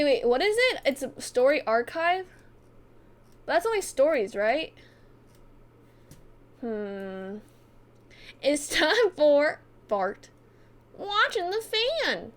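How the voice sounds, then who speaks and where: A woman streamer chatting casually on a live stream, giggly and self-mocking. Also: fairly high pitch.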